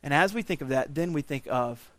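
A pastor preaching a sermon in a church, swinging from quiet intensity to loud, raised pleading. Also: male voice, fairly high pitch, fairly quick, dry recording. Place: church sanctuary.

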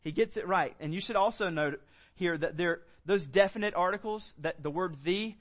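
Earnest pastor teaching a sermon. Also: male voice, high-pitched, moderate pace, fairly bright tone. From Southern United States. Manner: earnest teaching, emphatic, conversational asides.

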